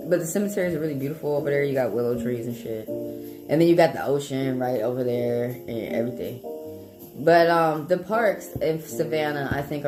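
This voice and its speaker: A woman, a live tarot reader chatting casually with viewers in a blunt, profane, animated way. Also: deep voice. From Atlanta, Georgia, US South. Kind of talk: casual livestream chat with viewers. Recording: echoey room with background music.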